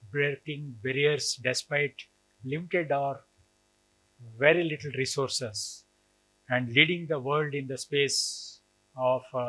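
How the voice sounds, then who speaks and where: A man's voice: a little high, a bit bright, low-quality recording. A man moderating a conference panel, formal and deferential.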